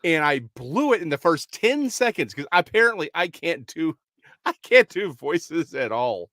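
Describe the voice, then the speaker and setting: A man talks animatedly as a guest, laughing at his own jokes in a slightly high voice. The sound is dry and close. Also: normal speed, no room sound. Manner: animated, self-mocking, laughing. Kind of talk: casual banter.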